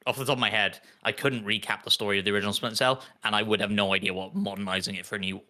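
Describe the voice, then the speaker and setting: A quick, bright male voice in casual podcast chat. He fires off questions and chats along with his co-hosts. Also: fairly low pitch, steady tone.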